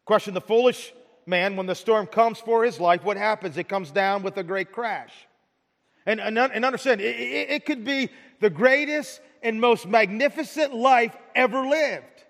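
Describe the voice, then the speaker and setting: High-voiced pastor in a reverberant hall. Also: male voice, moderate pace, fairly bright tone. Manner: stammering restarts, rhetorical questions to the congregation. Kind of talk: sermon.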